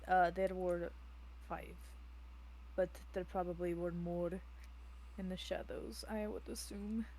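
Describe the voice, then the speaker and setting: A woman's voice: fairly low pitch, level tone, slow, a little mellow, a little hiss or hum, rough recording. A woman playing a tabletop game, rambling and correcting herself, swearing casually as she talks. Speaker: player. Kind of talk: casual tabletop role-play.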